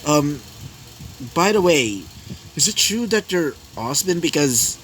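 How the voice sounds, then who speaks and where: A man's voice: a little high, sing-song, takes it slowly, a bit bright, a little hiss or hum, exaggerated voice. A man voicing a shy, awkward young male hero in a fan-made story reading.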